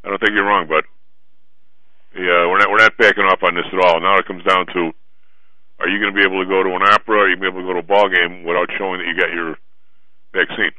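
Bright-voiced radio talk show host. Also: male voice, low voice, little pitch movement, fast, long pauses, no echo, dull audio. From Chicago. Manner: rambling, self-interrupting.

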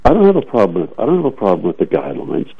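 A man's voice: on the low side, huge pitch swings, rapid-fire, creaky, husky. A man giving emphatic, opinionated commentary on talk radio, often repeating words as he starts a thought, heard over a tinny phone-like line.

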